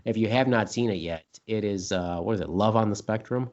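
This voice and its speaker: A man's voice: on the low side, a little fast, darkish tone, lo-fi sound. A man co-hosting a casual podcast chat, rambling and joking, now and then repeating silly words in put-on voices. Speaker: podcast co-host.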